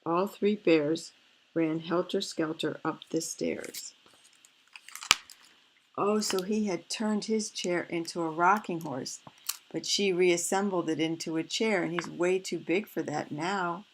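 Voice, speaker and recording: A woman reading a picture book aloud, stopping for gentle, fretful asides. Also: lowish voice, steady tone, takes it slowly, slight background noise, low-quality recording. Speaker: storyteller.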